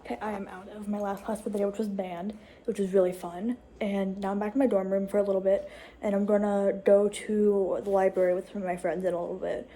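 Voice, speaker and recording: A young woman, a college student, talking casually in a vlog from her dorm room, chatty with restarts and quick asides. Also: medium pitch, flat delivery, mellow. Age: young adult.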